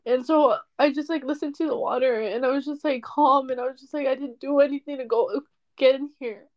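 A young woman tells her own story into a dull, lo-fi mic, her voice a little high and often close to tears. She talks candidly and emotionally, swearing freely as she goes. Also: steady tone, a little fast, darkish tone. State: tearful. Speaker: podcaster. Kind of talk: personal storytelling monologue.

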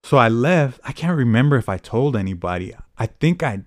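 A man's voice: mid-range voice, animated, brisk, no echo. Young man, casual podcast storyteller, profane and laid-back, dry close sound.

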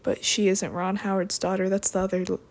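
A woman's voice: medium pitch, little pitch movement, a little fast, a little mellow. A young woman hosting a podcast, chatting in a rambling, playful way with sarcastic asides. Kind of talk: rambling comedic chat.

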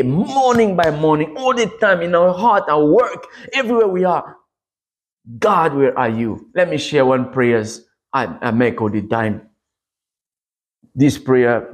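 Male preacher, Congolese accent, higher voice, very lively delivery, acts out his stories. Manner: animated storytelling, acting out prayers and street scenes. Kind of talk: sermon.

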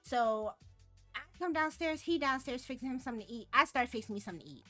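A woman's voice: high-pitched, animated, quick pace, bright, forceful tone, faint music behind. A young woman telling stories in a casual podcast chat, slangy and profane, laughing between phrases.

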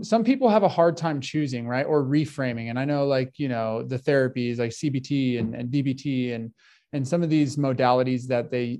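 A man's voice: mid-range voice, dark tone. A man co-hosting a podcast, thoughtful and affirming, who often searches for his words. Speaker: podcast co-host. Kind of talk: casual conversation.

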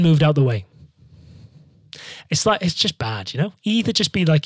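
A man's voice: fairly high pitch, sing-song, moderate pace, no room sound, studio quality. A man telling long, jokey travel stories in casual chat, swearing freely and rambling.

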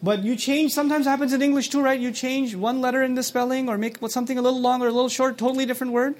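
This Quran teacher's voice sits extremely high, with fairly even intonation. Lecturing on scripture, he explains words, quotes short Arabic passages, poses questions to his listeners and acts out quoted speech, reciting the Arabic quickly between English explanations.

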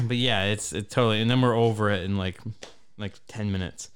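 A man in his thirties hosts a podcast, telling a rambling, profane story in casual chat. His voice is lowish, clear and resonant at a moderate pace, and he gets animated as the story unfolds.

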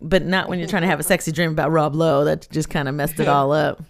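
A woman with a fairly low voice co-hosts a podcast in casual chat. She tells stories in an animated way and breaks into laughter often. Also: fast, vocal fry, a crowd in the background. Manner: laughs a lot, animated storytelling. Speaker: podcast co-host.

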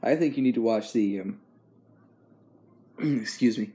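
A man's voice: medium pitch, unhurried, mellow. A young man chatting casually as host, easygoing and rambling, with frequent chuckles. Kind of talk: casual chat.

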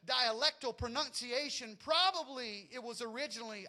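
A man's voice: sits high, moderate pace, pushed and bright. A man with a Southern US accent preaching a sermon to his congregation in a church, folksy and joking with them. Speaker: pastor.

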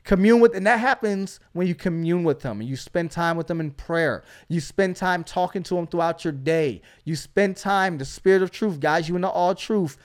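Male preacher-host, high voice, emphatic exhorting delivery with lots of call-outs. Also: normal speed, few pauses. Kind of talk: energetic preaching.

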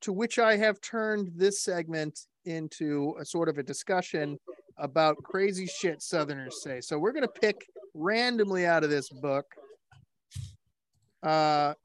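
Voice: medium pitch, unhurried, no room sound. A podcast host casually leading a group chat on a video call, rambling and joking, with lots of fillers and restarts.

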